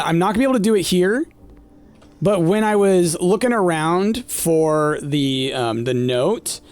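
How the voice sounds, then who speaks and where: Lively chatty man streaming a game. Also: on the high side. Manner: chatty, thinking aloud with many fillers, talking to chat. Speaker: gameplay streamer. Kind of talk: casual let's-play commentary.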